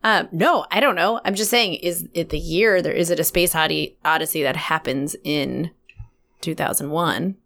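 A woman's voice: sits low, normal speed, vocal fry, fairly bright tone. A woman chatting on a podcast, musing aloud in a tentative way. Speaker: podcast guest. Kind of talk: casual chat.

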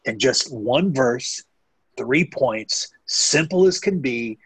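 A man's voice: mid-range voice, lively intonation, takes it slowly, breathy edge, no room sound, rough recording. A man who is a missionary, telling stories earnestly in a podcast interview, meandering and restarting often. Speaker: missionary guest.

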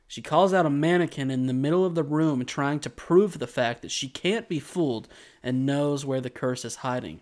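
A man co-hosting a podcast speaks at a moderate pace in a voice on the high side. He tells a long, rambling story with animated energy, voicing the quotes of the people involved, as part of a casual chat that includes an anime recap.

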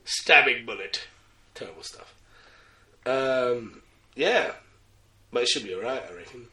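A young man cracks jokes and slangy asides as a podcast host, laughing easily. His voice has a bright, crisp edge. He sounds a bit away from the mic in an echoey room. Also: mid-range voice, animated, measured pace, recorded from a distance. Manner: joking, slangy, laughs often. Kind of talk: casual podcast banter.

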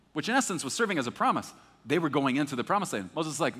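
A man preaching a sermon in a conversational, animated way, acting out the scripture he reads. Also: fairly high pitch, fast. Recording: echoey hall.

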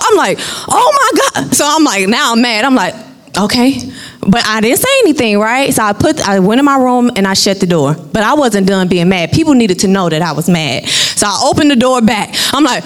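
A young adult woman minister, telling a personal testimony in an animated, chatty way, acting out the voices of her family. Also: a little high. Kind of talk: testimony storytelling.

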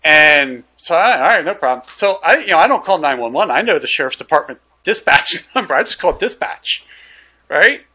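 Guy spinning a gun shop story, lively up-and-down voice, bright and kinda high. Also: normal speed. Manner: animated, loose storyteller who acts out the dialogue. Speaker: gun dealer telling a story. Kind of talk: casual storytelling chat.

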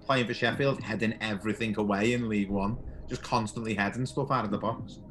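A man hosting a podcast, asking quiz questions in a casual, chatty way and laughing often. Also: lowish voice. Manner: chatty, laughs often, calls guest "mate". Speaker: podcast host.

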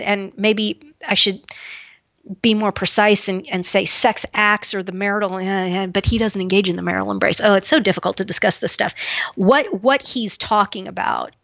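A woman's voice: medium pitch, vocal fry, fairly bright tone, no echo. A woman co-hosting a podcast, giving blunt, emphatic opinions with frequent restarts. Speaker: podcast co-host. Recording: dull, lo-fi dry sound.

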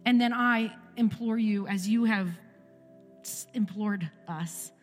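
A woman's voice: mid-range voice, takes it slowly. A woman in her forties giving an emphatic sermon testimony in a church service, repeating phrases for effect. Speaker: guest speaker in a church service. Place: church sanctuary. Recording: echoey church hall with music.

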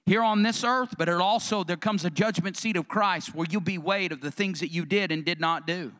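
A man's voice: high-pitched, fairly quick, fairly bright tone. A male pastor preaching a fervent sermon in a church, rousing the congregation with call-and-response questions. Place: church sanctuary.

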